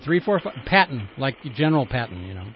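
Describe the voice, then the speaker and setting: A man's voice: medium pitch, big pitch swings, fast. A male radio host taking a call, patient and dry, often stumbling as he starts his sentences. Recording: dull lo-fi radio audio with faint noise.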